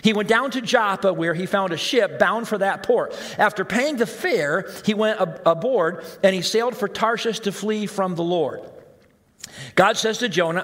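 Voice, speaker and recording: A male pastor preaching a sermon in a conversational way, moving between raised emphasis and hushed, slow asides. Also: high-pitched. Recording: long reverb of a large hall.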